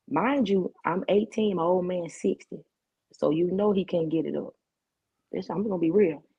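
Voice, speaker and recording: Woman, gravelly and husky, dark tone, talk show guest, vivid slangy storytelling. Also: fairly low pitch, dull audio. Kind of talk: telling her life story.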